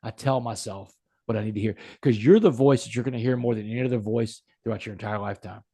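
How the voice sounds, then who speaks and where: A man's voice: on the low side, fast, mellow, husky, no room sound. A man, a podcast guest, telling a personal story in an earnest, emphatic way. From United States.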